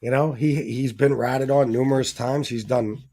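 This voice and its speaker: A man hosting a live stream in loose, unscripted commentary. He swears freely and circles back with plenty of fillers and restarts. His voice sits in a middling register and pushes up and gets more forceful when he gets worked up. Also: mid-range voice, steady tone, normal speed. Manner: profane, rambling, lots of fillers and restarts; turns heated and emphatic when ranting. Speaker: livestream host reading viewer donations.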